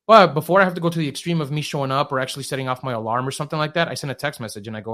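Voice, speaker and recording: A man, a short-term rental host, casually telling a long story on a podcast with lots of fillers and acted-out quotes. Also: medium pitch. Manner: fast, animated retelling with filler words and quoted dialogue.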